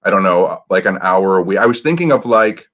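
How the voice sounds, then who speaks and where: A man co-hosts a casual chat in a somewhat low voice, thinking aloud and telling a story. He sounds tentative and musing. The recording is dull and lo-fi. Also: expressive, brisk, fairly bright tone.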